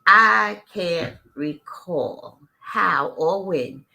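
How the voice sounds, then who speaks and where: This woman's low voice is gravelly and sharp, and she reads extremely slowly. On her live stream she narrates a memoir, pausing to welcome viewers and drop blunt, profane comments.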